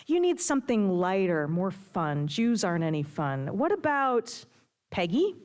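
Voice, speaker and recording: A woman's voice: medium pitch, sing-song, unhurried, darkish tone. A woman reading as a sardonic nightclub queen. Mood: mocking. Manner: mocking, teasing, bossy. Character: brassy sardonic female nightclub owner, a gangster's wife.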